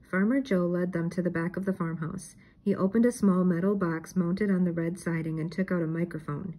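An older woman reading a children's mystery book aloud in a steady storytelling manner. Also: fairly low pitch, brisk, rough recording. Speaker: storybook reader.

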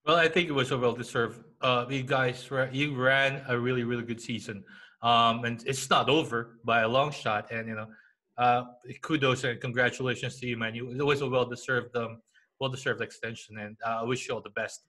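Guy hosting a hoops podcast, crisp bright voice, chatty and upbeat. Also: medium pitch, fairly even intonation, fairly quick. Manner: chatty, upbeat, many fillers. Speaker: podcast host. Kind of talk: casual podcast interview.

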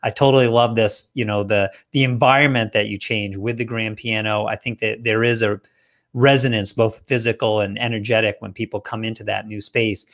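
Relaxed male interview host. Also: lowish voice, brisk. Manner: relaxed, conversational, with hesitations. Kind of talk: live-streamed interview.

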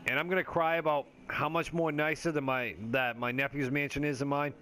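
A man's voice: on the high side, little pitch movement, a little fast, fairly bright tone. A man giving casual, rambling commentary over his gameplay, joking and swearing freely with lots of fillers. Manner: laid-back stoner chatter with frequent fillers. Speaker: gaming video creator.

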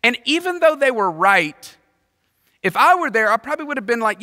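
A man preaching a sermon as pastor, animated and playful, acting out the people in the story. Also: very high-pitched, a little fast, big-room sound. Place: large church auditorium.

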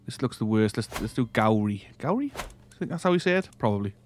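A man's voice: lowish voice, lively intonation, brisk, slight background noise. A man hosting a let's-play, casually thinking aloud as he plays a strategy game, often trailing off and restarting. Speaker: gaming channel host.

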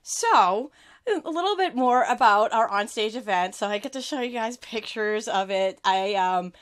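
A woman's voice: medium pitch, lively intonation, measured pace. A woman hosting a live video about card-making supplies, chatting casually with viewers in a bubbly, gushing way.

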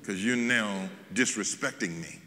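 A man, a bishop, preaching a sermon as an animated storyteller, with folksy asides and frequent restarts. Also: lowish voice, unhurried, big-room sound.

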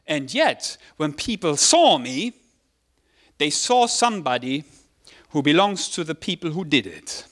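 With a bright, forceful, high voice and lively intonation, this German pastor in his forties preaches at a moderate pace. His sermon is personal and conversational, full of self-deprecating remarks, delivered in British English colored by his German accent.

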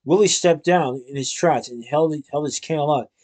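Casting: male reader, fairly high voice, storybook narration with lightly voiced characters. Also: normal speed, darkish tone. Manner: reads with small restarts, gives characters lightly different voices. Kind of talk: reading a children's novel aloud.

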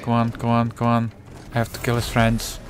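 Male gamer, gameplay commentary, exasperated, cursing, muttering, mid-pitched voice. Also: completely flat delivery, moderate pace, a little hiss or hum. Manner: exasperated, swears a lot, mutters to himself. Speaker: let's play gamer.

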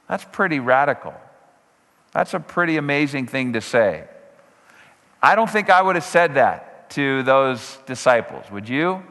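Emphatic pastor preaching in a reverberant church. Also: male voice, expressive, fairly bright tone. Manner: emphatic, varies pitch widely, slows for key phrases. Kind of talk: sermon. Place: church sanctuary.

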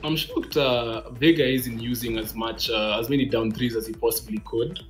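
A man giving casual commentary on a fighting game match, excitable and disbelieving. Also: medium pitch, moderate pace, faint music behind. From Africa. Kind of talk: esports commentary.

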